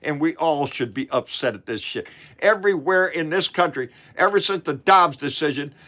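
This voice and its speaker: A man vents about politics in a heated, profane rant. His voice is bright and sharp, and he keeps tripping over his words and circling back. He sounds worked up and blunt. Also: fairly high pitch, animated, moderate pace. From Texas. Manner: profane, fired-up, repeats himself and stumbles over words. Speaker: political vlogger. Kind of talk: angry political rant to camera.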